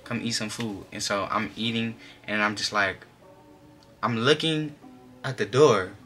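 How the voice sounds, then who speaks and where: A young man telling a personal story in a casual storytime vlog, animated and slangy, filling his speech with "like". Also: lowish voice. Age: young adult. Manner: animated, slangy, many filler "like"s. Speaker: vlogger.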